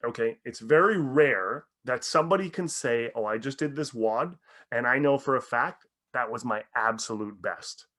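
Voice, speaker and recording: Male mindset coach, podcast guest, animated storyteller who swears freely. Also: mid-range voice, normal speed. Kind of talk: podcast interview.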